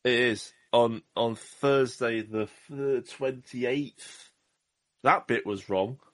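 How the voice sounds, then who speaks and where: A man's voice: mid-range voice, slow pace, a bit bright. A man from the southwest of England who hosts a podcast in casual chat. He rambles, jokes and trips over his words. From Devon, Southwest England. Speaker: podcast host.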